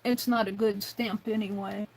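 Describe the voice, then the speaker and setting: A woman's voice: mid-range voice, fairly even intonation, slightly rough, low-quality recording. A woman hosting a craft livestream, musing aloud as she works and now and then talking to herself in the third person. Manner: unhurried, musing aloud while working with hands. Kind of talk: casual craft demonstration.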